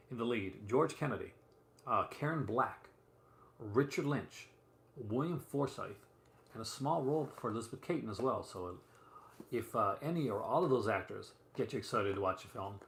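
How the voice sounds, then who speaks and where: There's vocal fry in this man's medium-pitched, fairly bright voice as he hosts a casual live stream at home. Showing off physical movie releases, he chats and rambles with plenty of fillers and asides, over a roomy echo and faint room noise.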